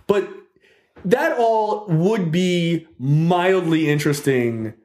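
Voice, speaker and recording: A man's voice: fairly high pitch, takes it slowly. A man hosting a podcast, telling a story in casual chat. He swears a lot, says "like" often, and keeps checking in with "right?". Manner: animated, profane storytelling with frequent "like" and "right?". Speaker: podcast host. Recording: roomy echo.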